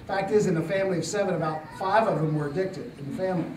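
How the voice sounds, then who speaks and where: An older man tells his testimony to a congregation in a fairly high voice, stumbling through fillers and restarts with a gently amused tone. He is recorded in a roomy church hall from some distance off the mic, with a faint hum of ambience behind him. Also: rapid-fire. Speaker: church speaker telling a testimony.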